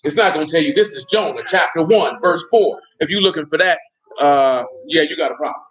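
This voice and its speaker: A man's voice: fairly high pitch, a little fast, a bit bright, low-quality recording. A man preaching a sermon in a loose, conversational way, with speech patterns, often asking his listeners questions.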